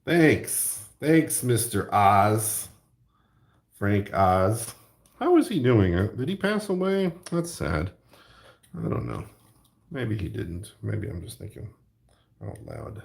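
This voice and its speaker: Casual vlog host: man, middle-aged, slow, gravelly, lively pitch, jokey rambling. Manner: jokey, rambling, laughs often. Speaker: YouTube art channel host. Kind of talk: rambling casual chat while crafting.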